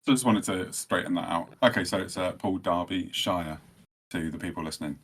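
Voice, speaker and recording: A man's voice: sits low, fast talker, slightly rough. A man hosting a podcast, chatting in an easygoing, self-deprecating way. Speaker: podcast host. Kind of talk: casual chat.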